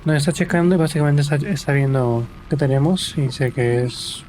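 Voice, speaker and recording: A man whose native language is Spanish, giving casual gameplay commentary and reading game lines aloud haltingly, with a Spanish-speaking accent. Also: fairly high pitch, darkish tone, a little hiss or hum. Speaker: gamer streamer.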